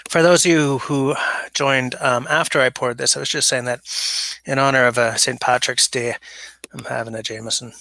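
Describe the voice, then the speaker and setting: In his basement, a livestreamer rambles and reads viewers' comments out loud, speaking through a smaller mic than he normally uses. His medium-pitched voice is gravelly, bright, and forceful, with a steady tone and normal speed.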